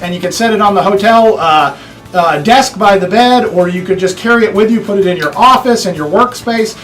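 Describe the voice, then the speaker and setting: A man presenting hardware products for a trade magazine, with playful, deadpan, self-mocking humor. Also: high voice, distant mic, rough recording. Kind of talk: jokey product demo.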